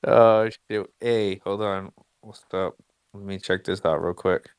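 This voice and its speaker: A man hosting a casual live audio chat, loose and excitable, laughing and swearing freely. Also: deep voice, measured pace, smooth, no echo.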